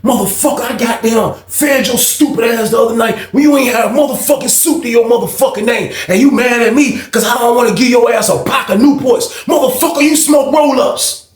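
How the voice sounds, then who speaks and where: A man's voice: very high voice, fairly quick, echoey room, faint music behind, voice pushed up. A man putting on a furious old inmate. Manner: shouting, profane, heated. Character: furious older male inmate shouting in an argument.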